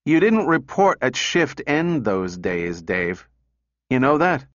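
A man voicing an excitable young male engineer who talks in an urgent, raised way for an audiobook. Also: medium pitch, slow, no echo, highs cut off. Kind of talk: audiobook character reading.

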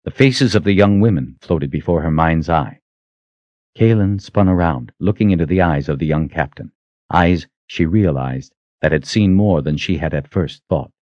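Deep-voiced man narrating an audiobook. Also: normal speed, darkish tone, no echo, dull audio. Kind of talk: scripted narration.

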